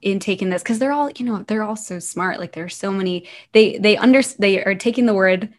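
A woman who teaches young children online, telling stories from her classes in a casual, animated way. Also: mid-range voice, a little fast. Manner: animated, acts out the children's lines. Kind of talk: casual interview storytelling.

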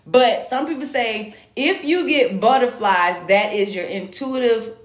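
A woman's voice: fairly high pitch, unhurried, echoey room. A woman hosting a podcast, talking frankly and with a lot of swearing, checking in with her listeners over and over. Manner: frank, animated, keeps saying "you know what I'm saying". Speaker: podcast host. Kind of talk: casual profane monologue.

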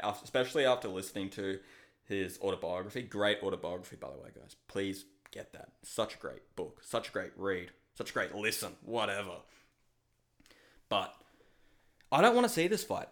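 A man hosting a solo podcast, chatting casually in blunt, excitable rants full of swearing. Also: fairly low pitch. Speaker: podcast host.

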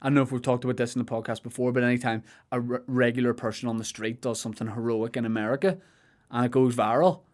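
A man's voice: mid-range voice, fairly even intonation, fast, darkish tone. Young northern irish guy on a podcast, rambly jokey stories, dry asides. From Northern Ireland. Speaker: podcast co-host. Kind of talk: casual podcast chat.

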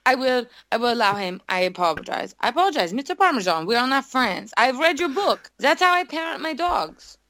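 A woman's voice: on the high side, very animated, fairly quick, hardly any pauses, a bit bright, no echo. A woman playing Jim Jim, beret-obsessed oddball. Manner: talks about herself in the third person, clumsy formal phrasing, sudden apologies. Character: eccentric beret-obsessed woman called Jim Jim, oddly formal. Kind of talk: improv comedy panel.

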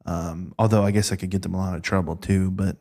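A man's voice: low-pitched, fast talker. A man casually telling stories from an old job, acting out the people he quotes. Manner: animated, acts out quoted voices. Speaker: podcast guest recounting work stories. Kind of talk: casual storytelling chat.

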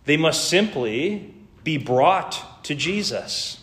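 A man's voice: on the high side, animated, takes it slowly, fairly bright tone. A man preaching a sermon in an earnest, emphatic way, building lists and drawing out key words. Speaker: pastor.

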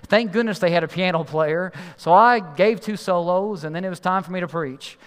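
A man doing storytelling stand-up, animated and exasperated as he acts out the people in the story. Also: high-pitched, normal speed, long reverb tail.

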